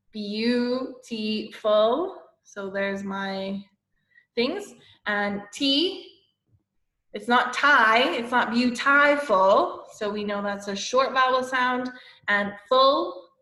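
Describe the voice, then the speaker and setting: A woman teacher giving a lesson to young children, explaining slowly and patiently and often checking with "okay?". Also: mid-range voice, pushed and bright. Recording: echoey room.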